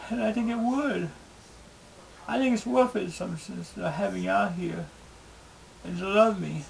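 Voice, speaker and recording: Pleading man with a gravelly voice. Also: high-pitched, slight background noise, poor audio. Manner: pleading, repetitive, halting. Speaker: video blogger. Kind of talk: emotional personal video diary.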